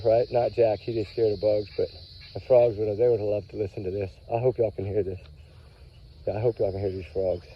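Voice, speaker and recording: A man, rambling in a casual, folksy vlog chat outdoors in the woods, hot and sweaty from a long walk. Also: on the low side. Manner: folksy, chatty, repeats warm sign-offs. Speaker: true-crime vlog host. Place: outdoors by a creek bank in the woods. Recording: dull lo-fi phone audio.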